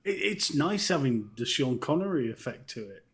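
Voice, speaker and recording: A man co-hosting a live stream, making his points dryly and deliberately with rhetorical questions. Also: mid-range voice, sing-song. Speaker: co-host. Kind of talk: casual live-stream banter.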